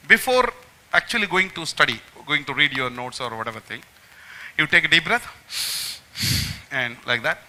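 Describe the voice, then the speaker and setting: A man's voice: high voice, bright, forceful tone, low-quality recording. A man giving an emphatic motivational lecture to students, repeating phrases and speaking straight to his listeners. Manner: emphatic, repeats phrases, addresses the audience directly. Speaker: magician giving a memory talk to students.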